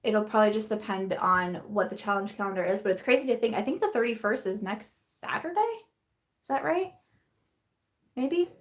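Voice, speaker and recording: A young woman hosts a casual live chat from home, sounding tired as the evening wears on. She rambles through fillers, restarts and asides in a relaxed, conversational way, recorded on a simple camera mic. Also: medium pitch, quick pace, hardly any pauses. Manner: chatty and rambling, with frequent fillers, restarts and laughs. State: tired, yawning. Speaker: beauty vlogger hosting a live chat.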